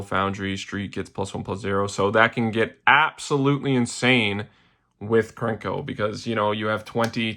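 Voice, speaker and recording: Gravelly-voiced casual young man. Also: lowish voice, bright, forceful tone. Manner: loose, rambling, slangy, with fillers and trailing asides. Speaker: deck tech host. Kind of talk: casual card game deck tech.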